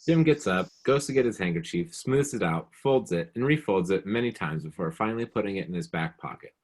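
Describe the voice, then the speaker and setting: A man's voice: low-pitched, expressive, a little fast. A man reading stage directions aloud in a plain, matter-of-fact way.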